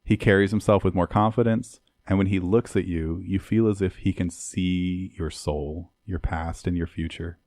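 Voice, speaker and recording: A man narrating a tabletop game as game master, in slow, dramatic descriptive narration. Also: sits low, fairly even intonation, darkish tone, no room sound, clean studio sound.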